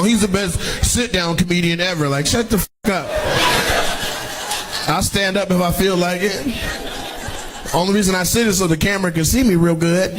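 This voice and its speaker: A middle-aged stand-up comedian working the crowd from a live stage. His voice sits a touch high for a man, and he is loud, profane and teasing as he ribs audience members. Heard through a handheld stage mic in the venue.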